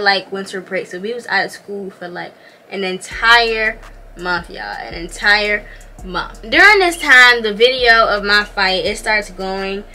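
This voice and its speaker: A young woman telling a story to her viewers while doing her makeup, animated and slangy, often calling out to them as y'all. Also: mid-range voice, slight background noise. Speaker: vlogger.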